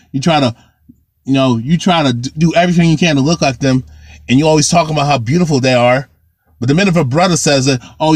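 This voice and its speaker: A man's voice: fairly high pitch, dry recording, studio quality. A man vlogging a heated, ranting monologue to camera, repeating himself and restarting phrases. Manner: heated, repetitive, circles back and restarts.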